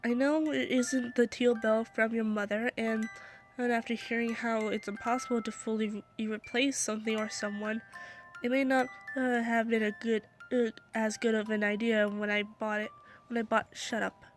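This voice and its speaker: A woman's voice: on the high side, little pitch movement, normal speed, soft background music. A young woman reading a fan story aloud into her phone, stumbling and restarting often, her throat scratchy. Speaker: story reader.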